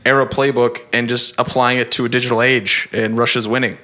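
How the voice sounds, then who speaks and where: A man's voice: mid-range voice, level tone, a little fast, sharp tone. Rambling, profane man on a podcast. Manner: rambling, profane, with many fillers. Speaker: podcast co-host. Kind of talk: casual podcast chat.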